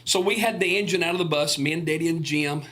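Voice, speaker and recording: A man's voice: fairly high pitch, fast, a bit bright. An older man, telling a folksy, earnest story on a radio talk show. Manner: folksy, earnest storyteller acting out quoted voices. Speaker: gospel singer recalling touring days.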